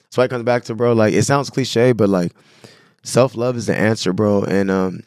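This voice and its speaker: A man's voice: lowish voice, normal speed, a little mellow, dry recording, clean studio sound. A young man from San Diego, a guest telling stories in a casual podcast interview, laid-back and full of slang. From San Diego, California. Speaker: guest, clothing brand owner.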